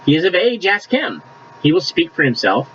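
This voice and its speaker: A male pastor preaching in a relaxed, chatty way, moving from scripture reading into asides. His voice sits a little high and swings widely in pitch. The sound is dull and lo-fi, with faint room ambience behind him. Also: moderate pace, a little hiss or hum. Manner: conversational preaching with scripture reading, coughs at times. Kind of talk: sermon.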